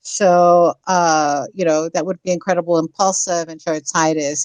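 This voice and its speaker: A woman on a fan discussion panel, talking things through in an explanatory way with frequent pauses to gather her thoughts. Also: on the low side, steady tone, darkish tone, dry recording, poor audio. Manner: slow, explanatory, with many uh fillers. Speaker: podcast panelist.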